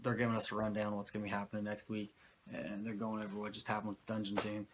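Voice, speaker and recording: A man's voice: lowish voice, completely flat delivery, fast, slight background noise. Profane, sarcastic man recapping casually. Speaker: podcast host recapping wrestling. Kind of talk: casual chat.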